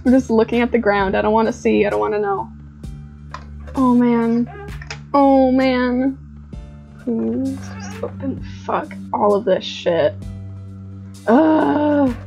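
A woman's voice: on the high side, takes it slowly, gravelly, pauses often, darkish tone, muffled recording, soft background music. A woman streaming a horror game, swearing and laughing at her own scares as she comments. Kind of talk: live gameplay commentary.

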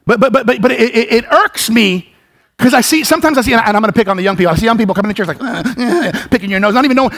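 A man preaching a sermon as pastor, passionate and rising to shouts, repeating words as he builds. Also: extremely high pitch, very fast. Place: church sanctuary.

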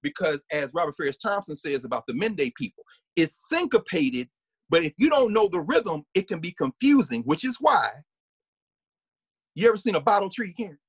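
A man giving an animated, conversational lecture as a guest. He often restarts his sentences and hums or sings short snippets to make his points. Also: fairly high pitch, moderate pace, breathy edge, no echo.

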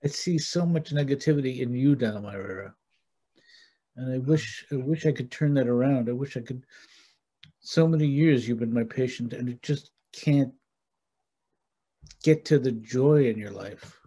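A gentle, halting man plays a therapist in an improvised comedy session. His voice is mellow and husky, and he speaks earnestly and hesitantly. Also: medium pitch.

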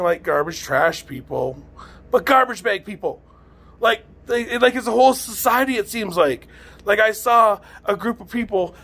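A man's voice: high-pitched, fairly bright tone. A man doing a rambling, profane stand-up rant. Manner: profane, rambling, exasperated ranting. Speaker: amateur comedian.

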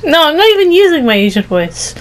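A woman's voice: high voice, sing-song, quick pace, noisy background. A woman chatting casually while playing a video game, laughing often mid-sentence. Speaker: gamer streaming with a friend. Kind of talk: casual gaming chat.

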